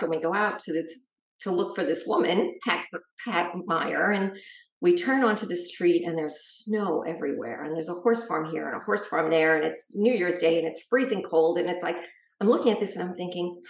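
Middle-aged lady guest, low gravelly voice, echoey room, acts out the quotes as she tells it. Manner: lively storyteller who acts out quoted speech. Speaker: guest author. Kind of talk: telling a personal story.

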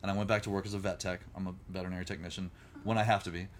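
Fast-talking middle-aged man telling his story. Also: deep voice, a little hiss or hum. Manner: rapid, animated, acts out quoted voices. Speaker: podcast guest, musician. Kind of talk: candid storytelling.

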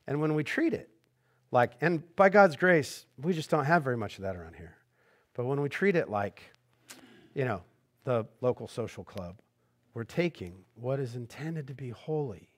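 Joking, animated pastor preaching. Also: male voice, mid-range voice, moderate pace. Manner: conversational and joking, swinging from hushed earnest to animated. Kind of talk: sermon.

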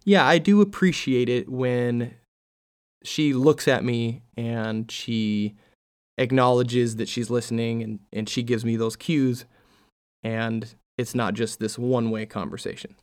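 A man's voice: medium pitch, steady tone, measured pace, clean tone. A man hosting a solo podcast, chatting casually and reading out posts before giving his own take. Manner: conversational, reads out posts then comments. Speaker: podcast host.

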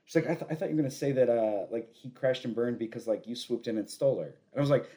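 A male podcast co-host with a lively, swinging voice, telling a story in loose casual chat. He rambles, laughs often and restarts his sentences as he goes. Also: medium pitch, quick pace.

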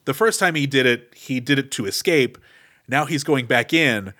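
A man's voice: mid-range voice, normal speed, pushed and bright. A man co-hosting a podcast, musing wryly about an action movie in casual chat. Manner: wry, questioning, thinks aloud with fillers. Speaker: podcast co-host.

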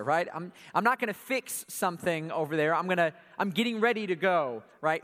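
A man's voice: high-pitched, quick pace, few pauses, sharp tone, in a large hall. A man with a Southern US accent from Atlanta, giving a playful, joking church talk and quizzing his congregation. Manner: playful, jokey, keeps quizzing the audience. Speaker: church speaker. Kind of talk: casual sermon talk to a congregation.

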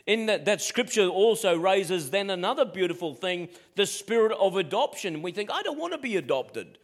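Animated pastor preaching. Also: male voice, sits high. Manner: animated preaching with rhetorical questions to the congregation. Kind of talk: sermon.

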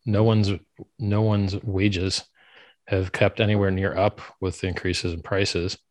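Man, very low voice, dry close sound, blunt and opinionated, interview guest. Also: flat delivery, a little slow, a little mellow, no room sound. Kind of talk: casual interview talk.

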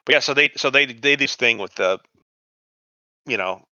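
A man's voice: medium pitch, moderate pace, pauses often, dry recording, lo-fi sound. A man co-hosting a podcast, bluntly retelling and mocking scenes from a TV show with lots of swearing. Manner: blunt, profane, animated retelling. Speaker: podcast co-host. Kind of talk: profane casual chat about a TV show.

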